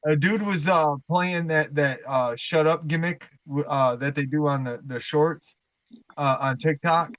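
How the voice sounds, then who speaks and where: A man telling rambling, profane stories in casual livestream chat, halting over his words. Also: a little high, no echo. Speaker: livestream guest. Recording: dull lo-fi sound.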